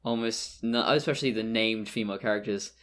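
Low-voiced guy on a podcast, dry little comments, laid back. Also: brisk, a bit bright. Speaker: podcast co-host. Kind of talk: casual chat.

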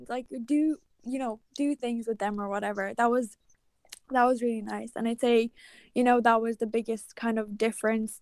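A woman's voice: on the high side, no echo. Young woman chatting in a dry room. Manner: thoughtful, soft laughs, fillers. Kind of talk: casual chat.

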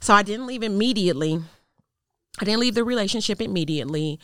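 A woman guest sharing a personal testimony in an interview, telling it in an earnest, measured way that goes quiet at the tense parts. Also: mid-range voice, expressive, no echo, studio quality. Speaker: podcast guest.

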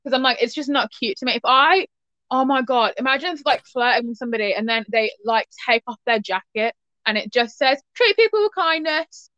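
A young woman chats freely on a podcast, her voice bright and forceful, full of swearing and sudden shrieks of laughter. It sounds close and dry, with a slightly dull, lo-fi edge. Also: a little high, steady tone, a little fast, no room sound. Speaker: podcast co-host. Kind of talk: casual chat.

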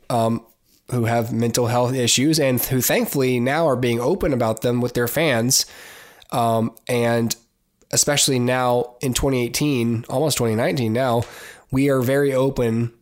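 A man hosts a podcast by himself and talks loosely, with plenty of ums and restarts. He gives blunt, opinionated takes in a casual tone. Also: mid-range voice. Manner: rambling, many fillers and restarts. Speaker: podcast host. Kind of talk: casual solo commentary.

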